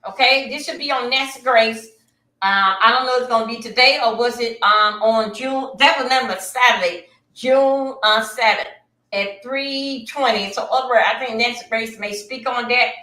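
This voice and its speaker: A woman hosting a casual livestream from her computer, chatting and rambling straight to her viewers. Her voice is bright and a touch high. She sounds like she is in an echoey room. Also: normal speed. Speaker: livestream host. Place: at home at a computer.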